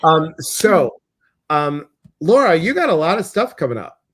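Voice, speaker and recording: A man with a Midwestern American accent hosting a casual livestream chat, talking in an animated way with many fillers and restarts. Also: on the high side, measured pace. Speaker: host.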